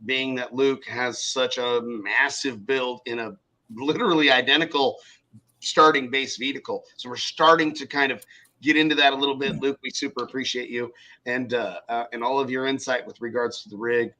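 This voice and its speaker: Bright-voiced man telling animated stories. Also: mid-range voice, normal speed, rough recording. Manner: animated storyteller acting out quoted people, swears freely. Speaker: podcast co-host. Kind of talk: casual chat.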